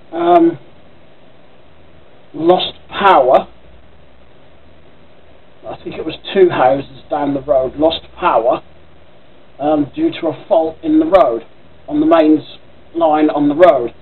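With a breathy edge to his slightly high voice, a Norfolk vlogger from Norfolk, England, takes it slowly, leaving long pauses. He rambles chattily at home by his computer, swearing offhandedly, and the audio sounds narrow and tinny.

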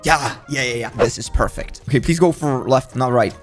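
A man's voice: medium pitch, normal speed, soft background music. A young man giving frantic, jokey commentary while playing a video game, often panicking and pleading. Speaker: gaming YouTuber. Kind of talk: gameplay commentary.

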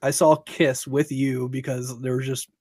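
A man's voice: medium pitch, level tone, a little slow, darkish tone. Rambling, swearing young male podcast host. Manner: rambling, profane storytelling. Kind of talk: casual chat.

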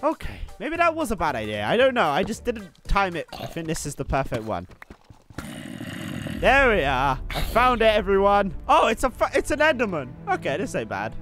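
A man's voice: high voice, wildly swooping pitch, moderate pace, music in the background. A young man, a gaming YouTuber, giving nervous horror-game commentary, muttering anxiously and bursting into yelps and screams.

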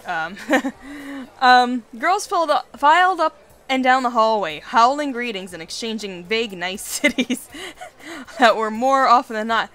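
A woman's voice: on the high side, animated, measured pace, fairly bright tone. A woman hosting a let's play, reading a dating game aloud with casual, giggly commentary and swearing.

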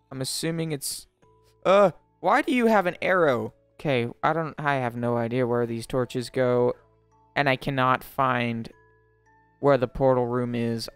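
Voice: mid-range voice, clear, resonant tone, dry recording. Young let's-play host, mid voice, goofy and dramatic, laughs constantly, dry close mic. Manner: jokey and melodramatic, laughs a lot; rises into panicked shrieks when startled. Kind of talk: gameplay commentary.

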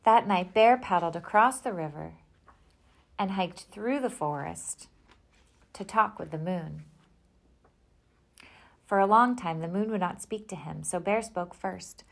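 A woman reading a children's picture book aloud in a gentle storytelling manner. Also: on the low side, unhurried, creaky, pauses often.

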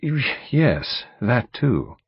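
A man reading an audiobook, voicing an earnest, determined young woman in her early twenties with a faintly husky voice, frank but a little hesitant. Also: medium pitch, big pitch swings, very slow, dry recording, heavily acted. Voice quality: faint agreeable huskiness. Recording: dull studio audiobook recording.

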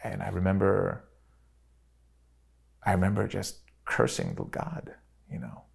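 A middle-aged man recounts a personal memory in an interview. His voice sits low and is deeply gravelly with a husky edge. He speaks earnestly and pauses often to restart his thoughts. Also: big pitch swings. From Chicago, USA. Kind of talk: reflective personal storytelling.

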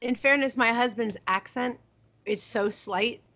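A woman from the eastern United States co-hosting a podcast, chatting casually and telling quick, lively stories. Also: fairly high pitch. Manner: animated storyteller, quick asides. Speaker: podcast co-host.

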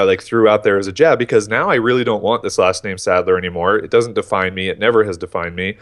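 A man's voice: fairly low pitch, fast, few pauses. A man in his thirties, a guest on a podcast, telling his story in casual talk and acting out his own thoughts. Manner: animated storyteller, acts out his own inner voice.

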